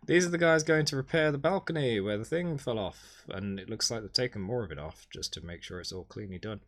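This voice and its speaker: A man streaming, casually recapping a holiday over his photos in a rambling, wry way, with sudden excited jumps in pitch. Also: a little fast.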